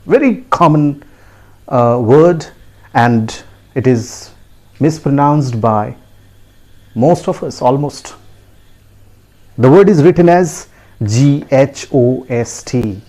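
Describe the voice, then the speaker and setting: A man teaching pronunciation, slowly repeating each word and asking learners to repeat after him. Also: medium pitch, expressive, warm tone. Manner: slow, deliberate, repeats words and asks learners to repeat; frequent rising tag questions to the audience. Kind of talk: classroom lesson to camera.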